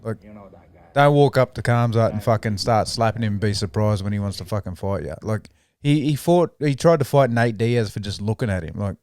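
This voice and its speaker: A man's voice: on the low side, lively intonation, a little fast, a little mellow, dry recording, clean studio sound. A man co-hosting a fight podcast in casual chat, laid-back and mimicking fighters as he retells. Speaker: podcast co-host.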